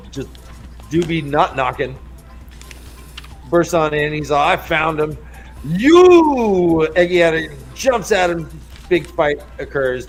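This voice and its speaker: A man with a fairly high speaking voice hosts a podcast in loose, casual chat. He rambles, restarts his sentences and throws in crude jokes as he talks through the story. His tone stays relaxed and conversational. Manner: rambling and joking, with crude humor. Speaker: podcast host. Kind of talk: casual book discussion chat.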